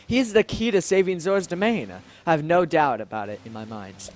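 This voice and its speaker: Casting: man putting on a keen young prince, quick and earnest, lively high voice. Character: earnest young male fish-folk prince.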